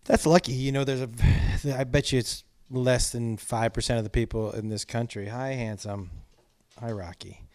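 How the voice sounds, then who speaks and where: A man's voice: mid-range voice, level tone, normal speed, few pauses, darkish tone. A man hosting a casual family podcast chat, chatty and teasing, often restarting his sentences. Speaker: podcast host.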